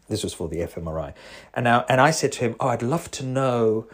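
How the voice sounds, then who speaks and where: A man, a psychotherapist, talking through a rambling, self-correcting monologue with sudden animated jumps in pitch. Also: fast talker, slightly rough. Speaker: psychotherapist podcast host. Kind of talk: reflective monologue.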